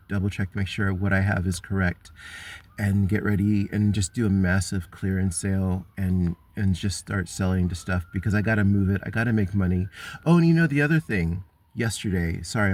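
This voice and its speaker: A man's voice: fairly low pitch, a little mellow, no room sound. Frustrated man rambling through a story. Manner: frustrated, wandering, many ums and restarts. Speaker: vlogger.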